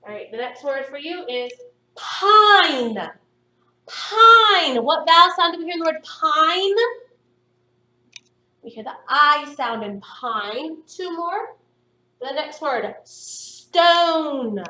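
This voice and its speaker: Woman phonics teacher, high voice, slow and encouraging, recorded off-mic in a roomy space. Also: lively intonation, pushed and bright, recorded from a distance. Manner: slow, stretched-out sounding of words for young pupils; encouraging, upbeat praise. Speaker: primary school teacher. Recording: echoey room, voice somewhat off-mic.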